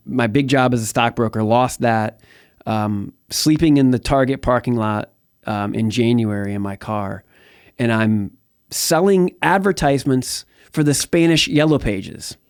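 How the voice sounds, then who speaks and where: A middle-aged man recounts his past in a candid, rambling way, full of ums and false starts. His voice sits at an ordinary pitch. The sound is close and dry. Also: clear, resonant tone, no echo. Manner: candid, rambling storyteller with many fillers and restarts. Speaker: interview guest. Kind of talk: personal testimony in conversation.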